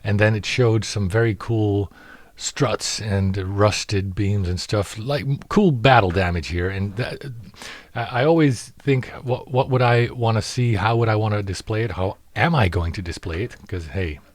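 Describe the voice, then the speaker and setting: A man with a fairly low voice talks through his scale model build in a casual update. He stumbles, restarts and fills gaps with ums, and his enthusiasm comes through. The sound is close and dry, with no room echo. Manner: halting, full of fillers and restarts, grows excited. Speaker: scale model maker showing his work.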